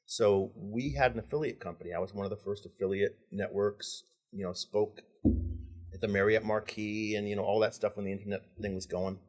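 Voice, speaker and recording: A middle-aged man with a low, husky voice tells long stories in casual conversation. He gets animated, laughs often and slips into other people's voices when quoting them. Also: fairly quick. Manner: animated, laughing storyteller who acts out quoted dialogue. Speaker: podcast guest. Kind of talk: casual storytelling.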